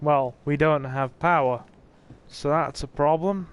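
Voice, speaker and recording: A man's voice: on the high side, unhurried, slight background noise. A man streaming a horror game, chatting casually with viewers and reading their comments aloud with jokey asides. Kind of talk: laid-back livestream commentary.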